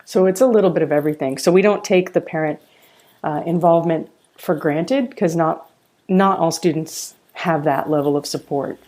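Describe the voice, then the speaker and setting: A middle-aged woman with a low, mellow voice tells stories in a podcast interview. She is a college founder and speaks with earnest, animated feeling. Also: normal speed.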